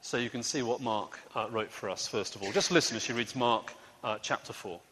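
A man leading a lively, interactive Bible story for a congregation, coaxing the crowd into sound effects. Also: mid-range voice, a little fast. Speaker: preacher leading a children's talk. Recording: echoey hall with faint ambience.

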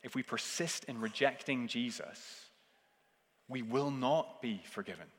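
A man preaching a sermon earnestly, swinging between forceful emphasis and hushed, intense passages. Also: mid-range voice, a little slow. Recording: long reverb of a large hall.

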